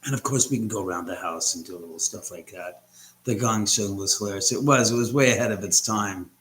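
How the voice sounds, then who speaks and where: A man's voice: fairly low pitch, fairly quick, a bit bright. A man hosting a casual livestream from his house on a laptop mic, rambling and greeting viewers by name. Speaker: livestream host. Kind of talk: casual live chat.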